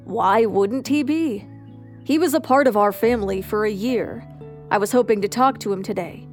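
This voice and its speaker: A woman's voice: fairly high pitch, moderate pace, faint music behind, lightly acted. A woman narrator voicing a stressed older businessman father, brusque and worried.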